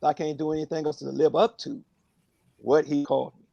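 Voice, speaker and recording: A man speaking earnestly and reflectively on a phone prayer line, in a halting way with many fillers. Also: a little high, flat delivery, gravelly, mellow, no room sound, dull audio.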